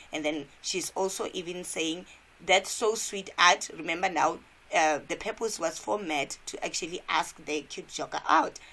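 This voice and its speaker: A woman's voice: mid-range voice, fairly bright tone. A woman from South Africa, an English teacher, walking students through a cartoon step by step in a revision lesson and asking them questions.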